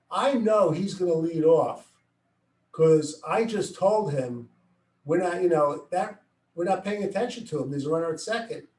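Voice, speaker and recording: A middle-aged man coaching baseball, explaining plays step by step and acting out what he yells at players. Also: high voice. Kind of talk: coaching instruction. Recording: echoey room, far from the mic.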